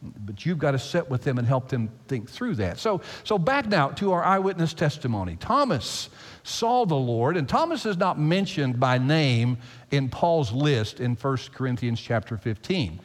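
A man preaching a sermon as pastor, emphatic and animated, repeating phrases for effect. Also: medium pitch, normal speed. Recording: long hall reverb.

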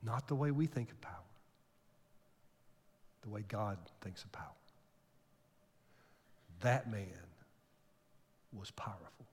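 An older man, a pastor preaching a sermon, telling a story emotionally, jumping from loud bursts to near-whispers. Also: mid-range voice, measured pace, long pauses, slightly rough. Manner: emotional storytelling with sudden loud rises and soft drops. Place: church sanctuary. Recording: long hall reverb.

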